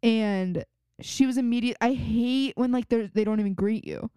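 A woman's voice: a little high, normal speed, dark tone, smooth, dry recording, studio quality. A young woman co-hosting a podcast in casual chat, telling indignant stories from work. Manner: storytelling, indignant. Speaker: podcast co-host.

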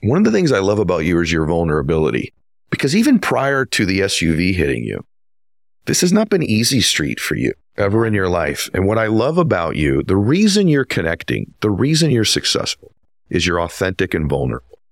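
A man's voice: low-pitched, huge pitch swings, brisk, no room sound, studio quality. A man hosting an interview, introducing his guest with earnest, emphatic storytelling. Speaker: podcast host.

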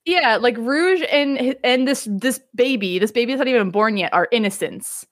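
A woman leading a casual podcast discussion, excited and joking, with some swearing. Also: a little high, moderate pace, no echo, clean studio sound. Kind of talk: casual chat.

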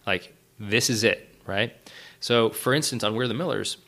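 A middle-aged man with a fairly low, bright, forward voice talks casually as an interview guest. He tells stories in an animated way, often restarting sentences and filling gaps with "um" and "right?". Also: normal speed. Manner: animated storyteller with many fillers and restarts. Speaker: writer and director, podcast guest.

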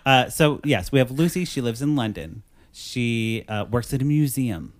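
A man's voice: mid-range voice, lively intonation, normal speed. Man casually recapping a movie. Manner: rambling, joking, acts out characters' lines. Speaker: podcast host reviewing a film. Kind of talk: casual chat.

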